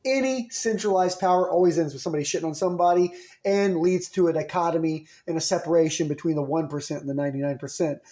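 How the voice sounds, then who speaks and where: A man riffs through a comedic monologue with a sarcastic, rambling delivery. His voice sits a little high. He gets animated as the bit builds. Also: fast. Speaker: podcast host.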